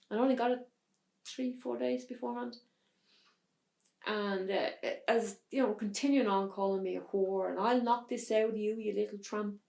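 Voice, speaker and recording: A woman telling a hard personal story as an interview guest, in a halting way with restarts. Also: medium pitch, vocal fry, darkish tone, roomy sound. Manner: halting, restarts under strain. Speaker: podcast guest.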